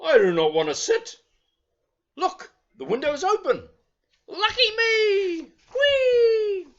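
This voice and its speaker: A man voicing a cheerful, optimistic little toy teddy bear that squeals with excitement. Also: very high-pitched, slow pace, dull audio, pitched above the performer's own voice, heavily acted. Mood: excited.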